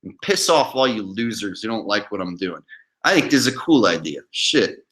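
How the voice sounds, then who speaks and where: A man's voice: lowish voice, big pitch swings, normal speed, a bit bright. A man hosting his own livestream, talking casually in a profane, defiant way and mocking his critics. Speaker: channel host.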